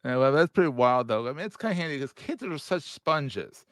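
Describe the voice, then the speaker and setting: A man in his forties hosts a podcast interview, chatting casually and laughing often. His voice sits at an ordinary middle pitch. The sound is dry and close, with no room around it. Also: expressive, fairly quick, a bit bright, no room sound. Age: 40s. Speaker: podcast host.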